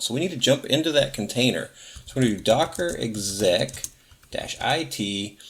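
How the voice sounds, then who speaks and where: A man hosting a tech tutorial, casually narrating each step of a software setup and correcting himself as he goes. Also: fairly low pitch, creaky. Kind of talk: screen-recorded software walkthrough.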